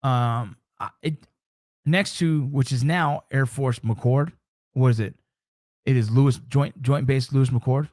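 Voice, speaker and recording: A middle-aged man hosting his show, telling a story in a casual, animated way, swearing often and acting out his own reactions. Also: mid-range voice, a little slow, no echo, clean studio sound. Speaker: show host.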